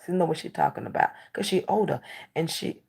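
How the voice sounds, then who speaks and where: A woman talk show host telling stories in casual chat, blunt and candid, swinging between animated outbursts and hushed asides. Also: sits low, a little fast, creaky, slightly rough.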